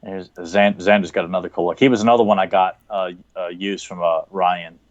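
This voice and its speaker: A man's voice: deep voice, fairly quick, no room sound, muffled recording. Rambling Southern man on a podcast. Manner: excited, rambling, many fillers and restarts. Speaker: podcast co-host. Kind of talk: casual chat, watching a cartoon.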